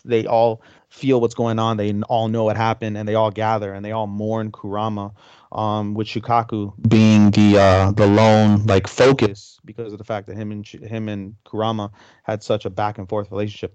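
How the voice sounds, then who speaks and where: A man's voice: on the low side, darkish tone, no echo, highs cut off. A man co-hosting a podcast, casually retelling an episode and acting out the characters' lines as he goes. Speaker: podcast co-host.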